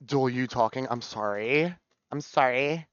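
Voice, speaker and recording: Excitable man with a bright, clear voice. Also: medium pitch, unhurried, no echo. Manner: excitable, gushing, with sudden shrieks. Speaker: streamer. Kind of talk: casual live-stream chat. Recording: slightly dull, dry sound.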